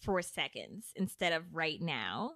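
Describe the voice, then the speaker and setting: A woman's voice: low-pitched, very animated, measured pace, fairly bright tone, no echo, studio quality. A woman co-hosting a podcast, chatting casually with her sisters and confidently making up playful definitions for words. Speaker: podcast co-host. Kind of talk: casual chat among sisters.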